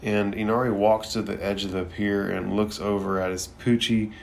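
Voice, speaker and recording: A man with a very low voice and a gravelly edge, recapping an episode in a relaxed, unpolished way. He talks loosely, with plenty of fillers, and swears without a second thought. A faint hum sits under the recording. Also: moderate pace. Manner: laid-back, swears freely, relaxed filler words. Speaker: anime reviewer.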